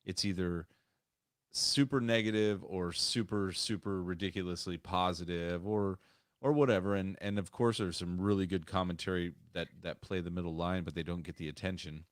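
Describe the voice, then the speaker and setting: A man's voice: low-pitched, fairly even intonation, normal speed, no room sound, studio quality. A man co-hosting a casual podcast over a remote call, talking in a rambling way with many restarts. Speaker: podcast co-host.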